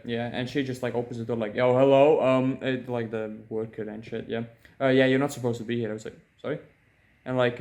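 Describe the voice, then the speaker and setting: A man's voice: mid-range voice, darkish tone. Young man rambling casually, full of fillers. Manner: casual, loose, heavy filler words and swearing. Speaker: vlogger. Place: library room.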